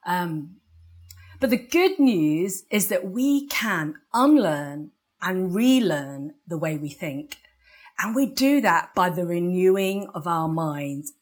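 An English woman delivers a sermon at an unhurried pace. Her tone is conversational, and she keeps asking the congregation for an amen. She often laughs lightly at her own asides. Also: on the low side. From England. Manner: conversational, asks the congregation for amens, laughs at herself. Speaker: preacher.

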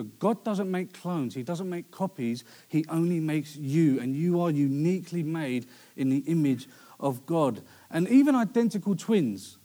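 A man's voice: a little high, mellow. A young man preaching a sermon in a conversational way, with storytelling asides.

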